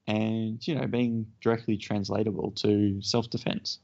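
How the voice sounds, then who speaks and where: Man, low gravelly voice, casual podcast chat, self-deprecating, dull lo-fi sound. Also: steady tone, normal speed. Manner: chatty, self-deprecating storyteller. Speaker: podcast co-host.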